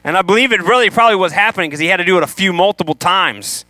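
A man preaching a sermon to a room, animated, acting out the people he quotes. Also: high voice, racing, no echo. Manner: animated, acts out quoted voices.

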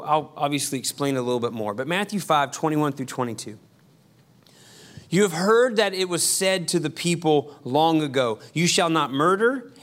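A man preaching a sermon as pastor, conversational with quick asides and emphatic repetition. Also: a little high, a bit bright.

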